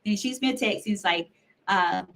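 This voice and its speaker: A woman's voice: medium pitch, moderate pace, a bit bright. A woman guest on a podcast, recounting a personal story in earnest detail and acting out what others said. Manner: earnest storytelling, acts out quoted voices.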